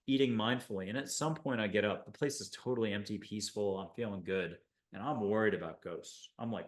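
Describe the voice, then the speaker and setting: A man from the United States hosting a spiritual show, talking in an enthusiastic, rambling monologue full of animated asides. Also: fairly low pitch, a little fast, hardly any pauses. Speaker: host.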